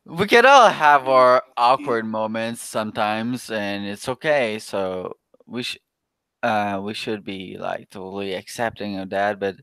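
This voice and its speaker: Guy guesting on a stream, talks real slow, stumbles a lot, smooth clear voice, dry sound. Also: fairly low pitch, fairly bright tone, no room sound. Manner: halting, stumbles over words. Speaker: livestream guest. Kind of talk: casual livestream chat.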